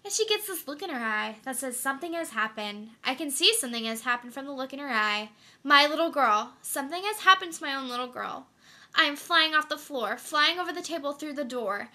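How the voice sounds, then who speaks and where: A reclusive mother who will fight for her daughter, played by a young woman in a stage monologue. She swings from flat, dutiful routine to frantic outbursts. Her voice sits fairly high and sounds very bright. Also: fairly quick, hardly any pauses, full character voice. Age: young adult. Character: reclusive mother in a trailer home, fiercely protective. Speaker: student actor. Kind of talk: theatrical monologue.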